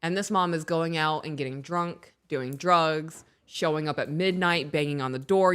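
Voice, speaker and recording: A woman in her thirties co-hosting a casual podcast, reading aloud and telling animated stories about her kids. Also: deep voice, normal speed, hardly any pauses, clean tone. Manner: animated storyteller, acts out her own raised voice. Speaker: podcast co-host.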